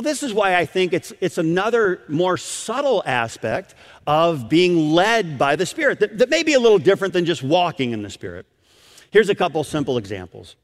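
A man's voice: sits high, long reverb tail. A man preaching a sermon, emphatic and storytelling, often repeating words as he goes.

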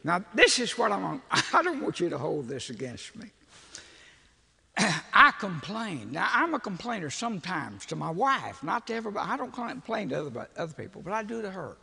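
An older man, preaching as a folksy, animated storyteller who laughs at his own jokes. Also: high voice, normal speed, vocal fry, husky. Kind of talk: storytelling sermon. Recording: echoey hall with long reverb.

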